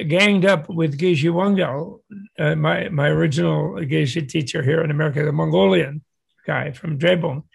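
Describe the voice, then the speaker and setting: Older man with a gravelly, husky voice. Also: on the high side. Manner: digressive, with many restarts and chuckles. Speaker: guest speaker. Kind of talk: casual anecdotal storytelling.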